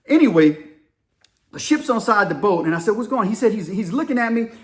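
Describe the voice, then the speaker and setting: A man giving casual video commentary and telling stories, animated and addressing listeners directly. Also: sits high, a little fast. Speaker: commentator on current events.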